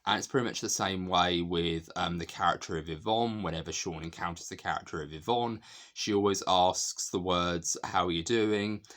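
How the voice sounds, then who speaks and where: A man with a very low, deep voice talks through a film he loves in a relaxed, unscripted way. He gets enthusiastic and laughs as he recounts his favourite scenes. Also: normal speed. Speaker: film reviewer. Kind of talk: casual film analysis.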